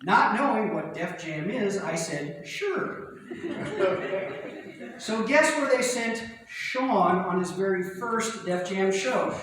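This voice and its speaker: Stand-up comic from Indiana, chatty storyteller, high voice, big reverberant hall. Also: male voice, lively intonation, a crowd in the background. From Indiana, USA. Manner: quick, conversational storytelling. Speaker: stand-up comedian. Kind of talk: stand-up set. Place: large theater stage. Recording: echoey theater, far from mic, noisy.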